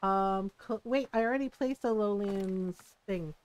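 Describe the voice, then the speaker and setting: A woman's voice: medium pitch, a little slow. A woman streaming a game live, bubbly and giggly, rambling and joking at her own expense. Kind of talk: live gameplay commentary.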